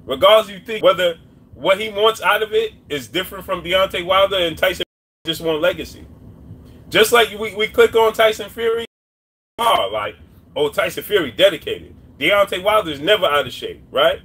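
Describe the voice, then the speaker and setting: High-voiced man doing live boxing talk. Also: animated, moderate pace, slightly rough. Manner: repetitive, shouts out chat names. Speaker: boxing commentator. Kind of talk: live-stream commentary.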